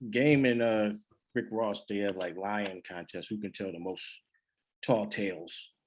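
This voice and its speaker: A man's voice: lowish voice, unhurried, slight background noise. A man co-hosting a podcast in casual chat, with dry, scoffing banter and speech. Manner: dry, scoffing banter that calls out tall tales. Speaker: podcast co-host.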